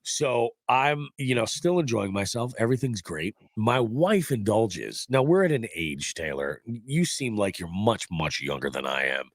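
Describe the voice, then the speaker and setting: A man's voice: on the low side, sing-song, moderate pace, few pauses, dry recording, clean studio sound. A congested middle-aged man hosting a podcast, chatting casually in a rambling, profane, joking way. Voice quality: stuffy, nasal. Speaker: podcast host. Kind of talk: casual chat. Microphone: studio mic.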